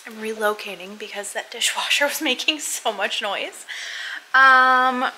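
A young woman chatting casually in a home vlog, sometimes cooing at her dog in a high baby voice. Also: a little slow, sharp tone. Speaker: vlogger. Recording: faint household noise.

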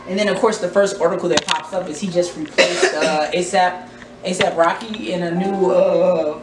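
A man's voice: high voice, normal speed, over music. A man hosting a casual reaction vlog, rambling and joking while putting on a playful fake accent. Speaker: vlogger host. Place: family home. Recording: echoey room, distant mic, noisy.

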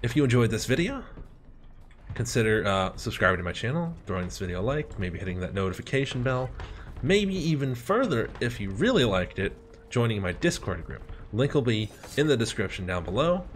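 A young man hosting a gaming channel, casually commenting on gameplay and telling a story, animated and swearing with lots of fillers. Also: medium pitch, a little fast, a little hiss or hum.

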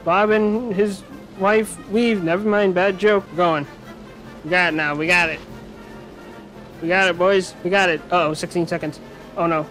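A man giving let's-play commentary on a video game, with an animated, self-mocking and joking manner. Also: sits high, moderate pace. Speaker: gaming commentator. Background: faint game music.

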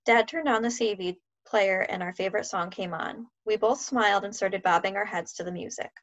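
A woman reads a children's novel aloud at a middle pitch, in a steady, clear storytelling manner. The recording is muffled and lo-fi. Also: brisk. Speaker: teacher reading aloud. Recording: dull lo-fi sound.

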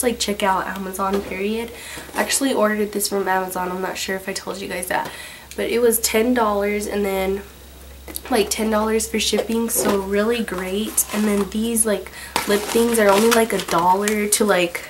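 Hoarse young woman, chatty vlogger. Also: medium pitch, noisy background. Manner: chatty, filler-heavy, upbeat. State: hoarse from a cold. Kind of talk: casual haul video chat. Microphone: camera on a tripod.

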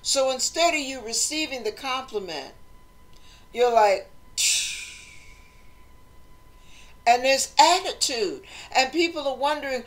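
Woman host, motivational talk, slightly high voice, animated delivery that acts out voices. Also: moderate pace. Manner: animated, acts out quoted voices, conversational preaching.

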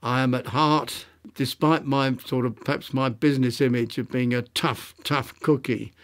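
Halting elderly man reminiscing. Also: mid-range voice, fairly even intonation, a bit bright. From London, England. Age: 90s; older. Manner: halting, reflective, many restarts and fillers. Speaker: interviewee, retired architect. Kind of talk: reminiscing interview.

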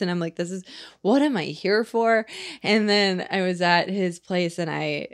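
A woman's voice: on the low side, normal speed. A woman in her thirties hosting a candid conversation, frank and self-deprecating, swearing freely and laughing often. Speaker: podcast host.

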